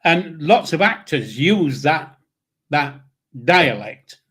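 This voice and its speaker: A man's voice: fairly high pitch, sing-song, takes it slowly, a bit bright, husky. An older man with a Yorkshire accent, co-hosting a live chat show in a blunt, unfiltered manner. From Yorkshire, England. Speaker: co-host. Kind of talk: casual chat.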